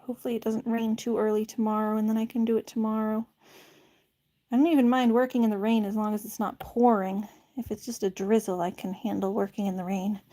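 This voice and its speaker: A woman's voice: medium pitch, level tone, fairly quick, dark tone. A young woman chatting casually on a live stream while playing with her cats, laughing often and talking sweetly to them. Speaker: vlogger playing with pets. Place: indoors in a warm room.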